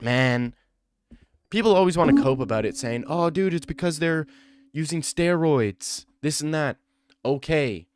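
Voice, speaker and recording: A man's voice: mid-range voice, no echo, clean studio sound. A young man chatting casually on a livestream, rambling and joking with slang. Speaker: streamer.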